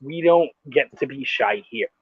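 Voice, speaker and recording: A man's voice: mid-range voice, expressive, measured pace, husky, dry recording, highs cut off. A man hosting a podcast, chatting casually over a video call, easygoing and swearing freely. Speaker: podcast host.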